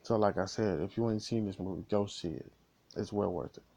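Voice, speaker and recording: A man's voice: fairly low pitch, fairly quick, mellow. A man giving a casual spoiler recap of a movie, retelling scenes with lots of restarts and repeated words. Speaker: movie reviewer.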